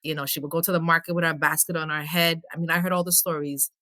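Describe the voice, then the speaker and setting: A woman's voice: sits low, level tone, fast, bright, forceful tone, no echo. A middle-aged woman from Belize with a mix of New York and Caribbean accents, chatting as a personable podcast guest telling stories. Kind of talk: casual podcast chat.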